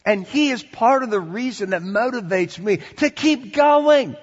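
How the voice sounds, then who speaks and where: A pastor delivers a sermon to his congregation in a church sanctuary, his fairly high voice trailing a long reverb through somewhat muffled sound. Unhurried, he swings between loud, animated exhortation and quiet, chatty asides.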